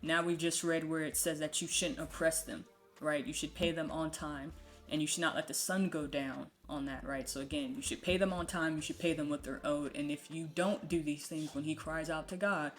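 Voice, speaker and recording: Low-voiced woman teaching scripture casually. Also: steady tone, normal speed, faint music behind. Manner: conversational, frequent "um" and "right?" tags. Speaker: Bible teacher. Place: home with a puppy nearby.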